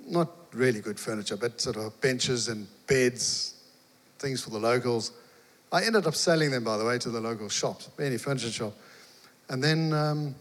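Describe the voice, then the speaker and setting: An animated male preacher tells a story from the pulpit and acts out its dialogue. His voice sits at an ordinary middle pitch for a man. It rings with the long reverb of a large hall. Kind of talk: storytelling sermon.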